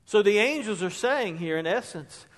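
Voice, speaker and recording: High-voiced emphatic man preaching. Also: expressive, normal speed. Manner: emphatic, rising to stress key words. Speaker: pastor. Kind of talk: sermon with scripture reading. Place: church sanctuary. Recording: long reverb of a church hall.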